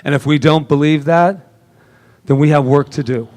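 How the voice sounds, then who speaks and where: A man preaching a lively sermon in a church service, joking and laughing often with the congregation. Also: fairly high pitch, moderate pace. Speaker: minister.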